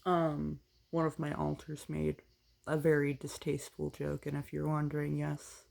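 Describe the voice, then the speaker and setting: A woman's voice: deep voice, completely flat delivery, normal speed, gravelly, a little mellow. A woman chatting casually while doing her makeup at home, rambling with lots of ums and self-corrections. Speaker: makeup vlogger. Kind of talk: casual get-ready-with-me chat. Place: home, on a couch.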